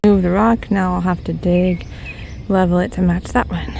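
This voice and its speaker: A woman's voice: fairly low pitch, steady tone, moderate pace, vocal fry, noisy background. A woman from Ohio chatting casually while she does heavy garden work outside, out of breath and laughing at herself now and then. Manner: chatty, self-deprecating, laughs often. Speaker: DIY garden vlogger. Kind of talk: casual vlog narration while working outdoors. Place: outdoor backyard garden.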